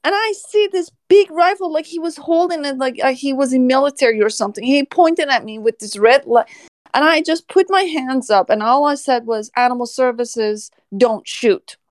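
A woman's voice: high voice, a little fast, no room sound. A woman animal services officer telling a story casually on a podcast, often laughing as she talks.

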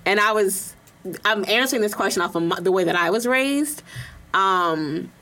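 A woman's voice: medium pitch, lively intonation, moderate pace, bright, forceful tone. A woman co-hosting a casual discussion who speaks emphatically and frankly. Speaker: podcast co-host.

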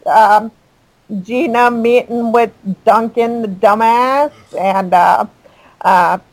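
A woman's voice: fairly high pitch, steady tone, slow, dry recording, poor audio. A woman co-hosting a podcast, chatting casually and enthusiastically about a soap opera. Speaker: podcast co-host.

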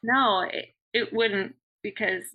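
A woman's voice: medium pitch, slow, highs cut off. A woman talking casually on a video call about her work as a restaurant server, chatty and upbeat. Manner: chatty, upbeat, acts out customer voices. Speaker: podcast guest, restaurant server.

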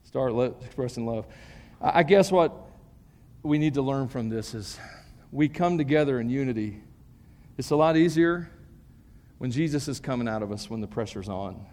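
A man preaching a sermon to a congregation, animated and emphatic, with joking asides between his points. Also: medium pitch. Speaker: pastor. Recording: long reverb of a large hall.

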